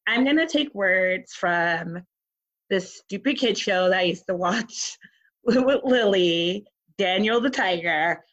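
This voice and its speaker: Woman, podcast co-host, casual chat, laughs often, middle pitch, slightly dull lo-fi sound. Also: animated, takes it slowly, fairly bright tone. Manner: chatty, laughing often, loose swearing.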